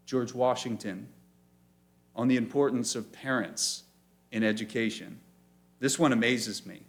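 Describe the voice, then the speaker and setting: A man speaking to a church audience as a pastor introducing a community presentation, friendly and joking, reading quotes slowly with emphasis. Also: medium pitch. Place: church meeting room.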